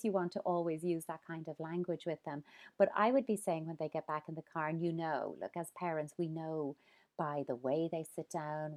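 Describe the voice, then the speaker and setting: A woman's voice: sits low, a little mellow. A woman giving earnest parenting advice in a conversation, acting out examples as she goes. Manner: earnest, explains with quoted examples. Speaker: parenting expert guest.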